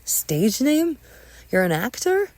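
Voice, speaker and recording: A woman voicing a suspicious, hot-tempered young woman who shouts and snaps in a narrated audio story. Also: medium pitch, very animated, measured pace, dry recording, voice pushed up. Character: fierce, suspicious young woman, quick to yell.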